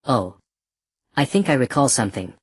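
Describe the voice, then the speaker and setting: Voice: medium pitch, sing-song, moderate pace, breathy edge, no room sound, clean studio sound. A narrator voicing a cruel, mocking male slave trader in a black robe, speaking casually and scornfully. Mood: cold mockery. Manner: casual, scornful, matter-of-fact.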